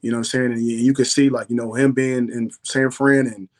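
A young man, a former football player, telling stories in a slangy, animated way, saying "bro" and "yo" constantly. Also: medium pitch, brisk. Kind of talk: casual storytelling chat.

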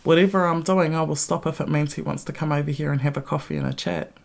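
A woman's voice: low voice, fairly even intonation, fast talker, gravelly, darkish tone. A middle-aged woman hosting a podcast, ranting bluntly with heavy swearing and strong emphasis. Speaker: podcast host. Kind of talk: casual ranting monologue.

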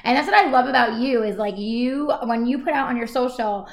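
A woman's voice: a little high, brisk. Gushing New York woman host, echoey room. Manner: gushing, filler-heavy, lots of likes and laughs. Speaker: podcast host. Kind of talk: casual interview chat.

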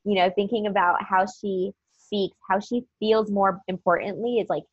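A woman's voice: mid-range voice, fairly even intonation, moderate pace, breathy edge, no echo. A woman guest on a podcast, chatting earnestly and upbeat about mindset, with lots of fillers. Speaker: podcast guest, business coach. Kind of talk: casual motivational chat. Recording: dull dry lo-fi sound.

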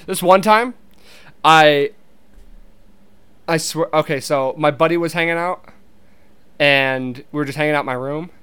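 A man's voice: on the high side, a little slow, long pauses, fairly bright tone, clear, resonant tone. Rambling, casual young man. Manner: rambling, swears, many restarts, laughs easily. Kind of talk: casual monologue.

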